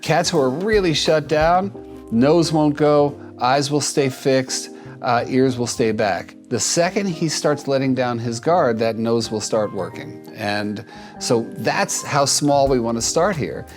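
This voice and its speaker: A man's voice: medium pitch, measured pace, soft background music. Emotional man giving cat advice. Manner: warm, emotional, repeats and restarts words. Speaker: cat behaviorist host reviewing a viewer video. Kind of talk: casual advice talk to camera.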